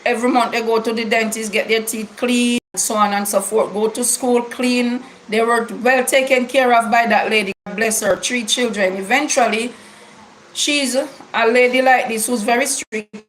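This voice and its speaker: A woman's voice: a little high, fairly even intonation, normal speed, fairly bright tone, slight background noise, rough recording. A middle-aged woman with a Jamaican accent, telling her viewers a long personal story in a casual, emphatic way, repeating words for stress. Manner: repetitive, emphatic storytelling with Jamaican English grammar. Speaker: YouTube vlogger.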